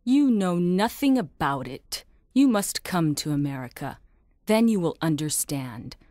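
A woman's voice: on the low side, big pitch swings, unhurried, darkish tone, no room sound, clean studio sound. An actress playing a blunt, kind-hearted young American girl who scolds frankly. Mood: scolding. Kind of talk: scripted audiobook drama.

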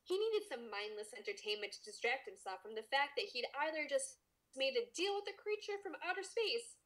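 A woman reads a story aloud on her podcast in a relaxed, casual way. She giggles and trips over words as she goes. Her voice sits a little high. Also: brisk. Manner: giggly, stumbles and jokes while reading. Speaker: podcast host reading a story. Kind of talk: casual read-aloud narration.

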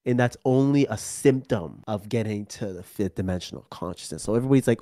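A man's voice: on the low side, brisk, few pauses, mellow, dry recording, studio quality. Rambling man, guest on a podcast. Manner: rambling, acts out his own quoted remarks. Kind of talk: casual interview talk.

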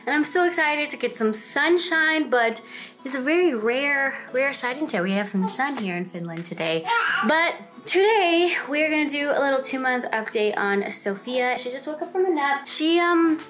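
Bubbly, chatty young woman, fairly high voice. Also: lively intonation, moderate pace, music in the background. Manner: bubbly, chatty, laughs often. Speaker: vlogger and new mom. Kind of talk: casual chat to camera. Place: apartment at home.

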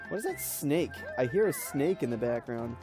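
A man's voice: medium pitch, big pitch swings, moderate pace, music in the background. A young man casually commenting while playing a video game, rambling and laughing through stories with lots of fillers. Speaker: let's play host.

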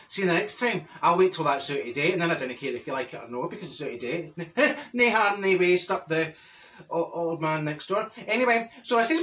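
A man doing a cheeky gossipy Glaswegian woman, high voice, bright edge, Glaswegian accent, a bit distant from the mic. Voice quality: chatty, gossipy storytelling with Scots words. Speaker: comedy character host. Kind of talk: comic character monologue.

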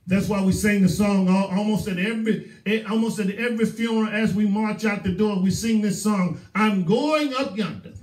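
A man's voice: high voice, fairly even intonation, brisk, few pauses, darkish tone. A male pastor with a Southern US accent, preaching a sermon with emphatic repetition. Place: church sanctuary. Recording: roomy echo, voice from far off.

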